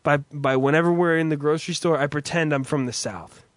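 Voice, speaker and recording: A man's voice: on the high side, steady tone, brisk, no room sound. A man hosting a casual comedic chat, swearing freely and rambling through his stories. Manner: profane, rambling.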